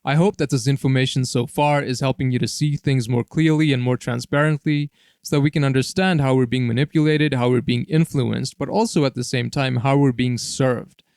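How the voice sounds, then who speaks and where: Speaking a little fast at a medium pitch, with fairly even intonation and a darkish tone, a political commentary host explains alone on camera. His repetitive style stacks list phrases and tags on "all right?", recorded dry with clean studio sound.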